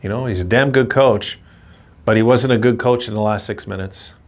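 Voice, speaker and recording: A man's voice: on the low side, normal speed. A man giving a frustrated postgame rant as a hockey fan commentator, repeating himself and cursing at his team. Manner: frustrated, ranting, repetitive.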